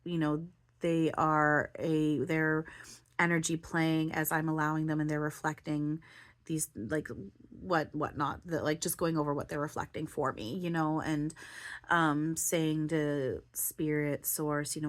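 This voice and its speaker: A woman with a low voice talks through her feelings in a loose, rambling monologue. She keeps restarting her sentences and leans on "like" and "you know". Her voice sounds close to tears. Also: flat delivery, normal speed. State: near tears, voice breaking. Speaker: spiritual channeler and vlogger.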